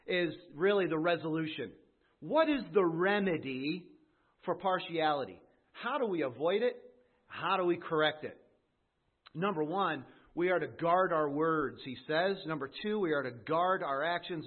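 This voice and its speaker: A man delivers a sermon in a slightly raised voice. He builds to emphatic peaks and slows on the words he wants to stress. The recording is narrow and tinny, like a phone line. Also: on the high side. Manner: rising emphatic preaching with slow stressed phrases. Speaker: pastor.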